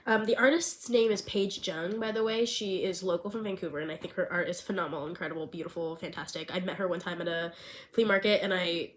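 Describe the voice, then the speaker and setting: A woman's voice: lowish voice, fairly even intonation, quick pace. A young woman with a nasal, stuffed-up voice from a cold, chatting casually to camera as a vlogger from her small bedroom. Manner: bubbly, chatty, rambling. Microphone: pen-style handheld mic.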